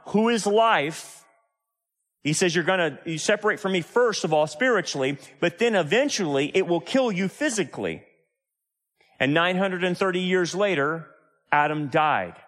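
A male pastor delivers an emphatic sermon, his pitch rising and falling in lively swings. He keeps pressing the listeners with tag questions, and his voice rings with a long reverb from a large hall.

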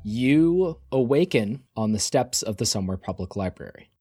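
A man hosting a tabletop role-playing podcast, reading announcements briskly and narrating scenes as game master. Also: medium pitch, expressive, warm tone, dry recording, soft background music. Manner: quick, upbeat host reads, slower scene narration.

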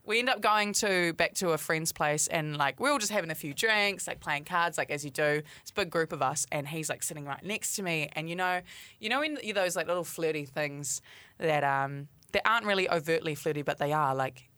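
A young woman tells a long dating story in a loose, chatty way, with plenty of "like" fillers. Her voice sits a little low but comes across bright and forceful. The sound is dry and close, with no room echo. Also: fairly quick. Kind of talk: casual chat.

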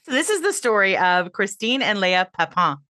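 A woman's voice: mid-range voice, sing-song, moderate pace, sharp tone. A woman co-hosting a podcast in casual chat, wry and self-mocking as she tells the story. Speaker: podcast co-host.

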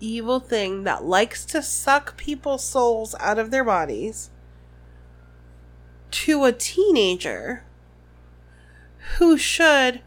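A woman co-hosting a casual book podcast, reading passages aloud and reacting with animated comments. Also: fairly high pitch, slow pace. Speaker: podcast co-host. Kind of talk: casual book recap chat.

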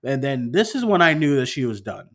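A man's voice: mid-range voice, fairly quick. A man casually recapping a horror film with a co-host, acting out scenes with plenty of fillers. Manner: animated storytelling, acting out scenes, frequent fillers. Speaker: podcast co-host.

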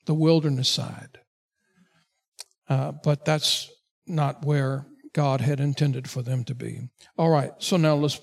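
A male pastor preaching a midweek sermon, stressing key words slowly and pausing with fillers as he reads and explains scripture. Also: on the high side, vocal fry. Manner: emphatic preaching with slow drawn-out stresses and fillers.

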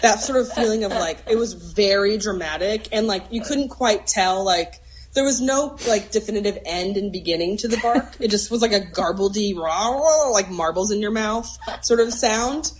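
Woman talking in thoughtful, halting chat. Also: medium pitch, slight background noise, rough recording. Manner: thoughtful, hesitant, many fillers and restarts, laughs easily. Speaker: podcast guest. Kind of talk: casual chat.

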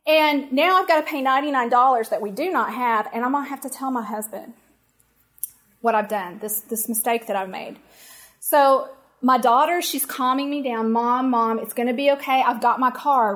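High-voiced woman telling a story. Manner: animated, emphatic, talks straight to listeners. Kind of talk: personal anecdote told to an audience.

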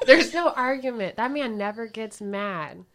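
Bright, animated woman telling stories. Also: a little high, measured pace. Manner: animated, swears freely, laughs often. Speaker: podcast co-host's partner. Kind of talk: casual chat.

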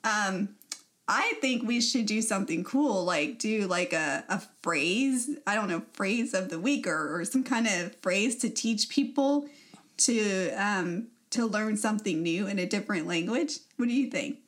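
A young woman co-hosts a podcast, recounting a story in a casual, chatty way dotted with laughter and filler words. Her voice is medium-pitched and animated, and her pace a little slow.

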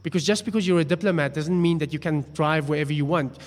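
A man's voice: fairly high pitch, quick pace. A man preaching a sermon, telling a story in a chatty, self-deprecating way. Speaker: pastor. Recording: long hall reverb.

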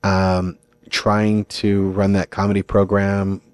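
A man who teaches acting, telling stories in a relaxed, thoughtful podcast chat. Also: lowish voice, slow, no echo. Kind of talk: casual podcast conversation.

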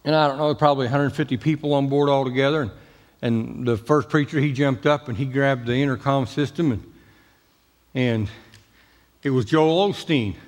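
A man's voice: medium pitch, normal speed, big-room sound. A man preaching a sermon as pastor, talking in a folksy, emphatic way with jokes. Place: church sanctuary.

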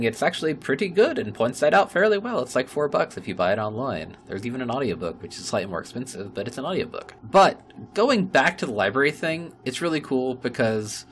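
A man hosts a casual podcast in a mid-pitched voice, ranting heatedly and peppering his talk with swear words. He speaks in loose, run-on bursts, with faint background noise behind him. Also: expressive, a little fast, hardly any pauses, a bit bright.

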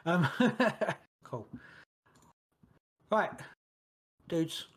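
A man's voice: fairly high pitch, very animated, drawn-out words, fairly bright tone, breathy edge. A man co-hosting a podcast, talking in a rambling, cheeky way and often repeating words. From United Kingdom. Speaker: podcast co-host. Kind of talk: casual podcast chat.

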